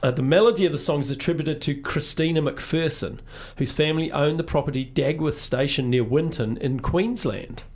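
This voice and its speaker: Un homme avec un néo-zélandais, coanimateur de radio, qui pose des questions en bavardant de façon détendue. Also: male voice, a little high, moderate pace, few pauses, darkish tone. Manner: inquisitive, chatty. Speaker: radio co-host. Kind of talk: casual radio chat.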